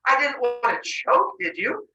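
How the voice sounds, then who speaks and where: A man's voice: very high voice, big pitch swings, unhurried, pushed and bright, echoey room, distant mic, dull audio, voice pushed up, full character voice. A man voicing a scheming, baby-eating god king who plays innocent. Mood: mock-innocent. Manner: sly mock-innocent, mutters plans.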